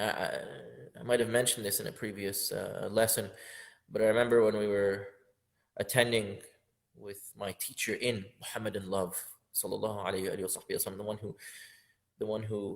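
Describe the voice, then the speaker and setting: A man teaching a lesson on a classical poem, earnest, repeating phrases for emphasis and rising sharply in pitch when he acts out the inner voice. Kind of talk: lecture explaining classical poetry.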